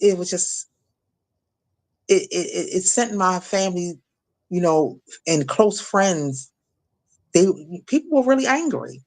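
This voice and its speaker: Halting middle-aged woman recounting trauma. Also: deep voice. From Maryland, USA. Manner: halting, many restarts and fillers. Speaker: guest. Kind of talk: emotional personal testimony.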